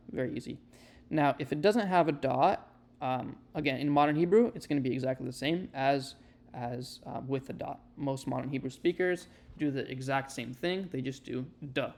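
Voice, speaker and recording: A man giving a casual spoken lesson, explaining and demonstrating sounds with relaxed fillers. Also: mid-range voice, fairly quick, vocal fry. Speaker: Hebrew teacher.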